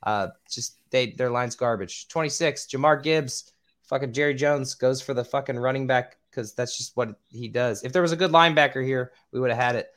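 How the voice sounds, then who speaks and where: A man's voice: mid-range voice, normal speed, a bit bright. Casual, swearing man hosting a podcast. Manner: casual, swears, stumbles over names. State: squeaky voice. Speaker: podcast host.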